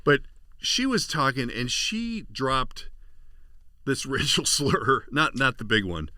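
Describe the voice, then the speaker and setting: Lively, bright-voiced man telling stories. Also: medium pitch, takes it slowly, dry recording, studio quality. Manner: animated storyteller, acts out quotes. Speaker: podcast host and voice actor. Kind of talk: casual chat.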